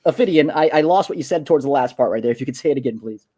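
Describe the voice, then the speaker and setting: A man narrating as game master in an online tabletop game, halting with many fillers and restarts. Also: medium pitch, animated, warm tone. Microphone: online voice call.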